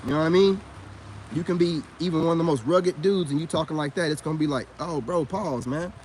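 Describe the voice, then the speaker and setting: A man with a high-pitched voice talks straight to camera in a loose, slangy monologue, handing out blunt advice to other men. He keeps circling back with "you know what I'm saying" as he preaches. A faint hum of traffic sits behind him. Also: quick pace, a little mellow. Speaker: vlogger and self-styled spiritual coach.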